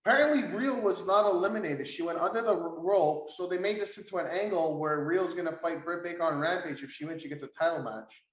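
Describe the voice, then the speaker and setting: A young man co-hosting a casual wrestling podcast, excitable and swearing as he retells segments. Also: high voice, quick pace, few pauses, echoey room, low-quality recording. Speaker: podcast co-host.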